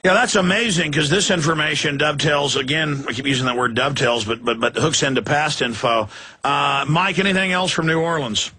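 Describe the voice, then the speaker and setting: A man hosting a call-in talk radio show, ranting fast and sarcastically, middle-aged. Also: a little high, background noise.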